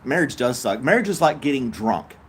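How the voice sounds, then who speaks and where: A man's voice: mid-range voice, big pitch swings, fairly quick, breathy edge. An older man from Tennessee with a Southern accent, hosting a casual live stream, chatting in a laid-back, easygoing way and reading viewer comments aloud with frequent chuckles. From Tennessee, USA.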